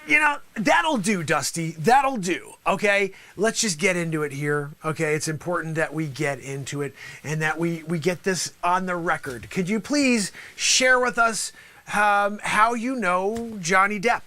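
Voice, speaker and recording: A man's voice: sits high, measured pace, sharp tone. A man performing as a trial lawyer in a comedic mock courtroom sketch, theatrical and jokey, sometimes dropping to a whisper.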